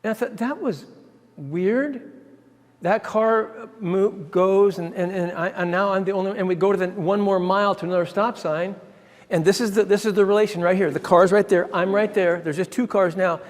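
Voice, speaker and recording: A man, a ministry founder, telling a personal story in an excitable way, often restarting his sentences and chuckling. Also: high voice, a little fast. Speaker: ministry founder giving a talk. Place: church hall. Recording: long hall reverb.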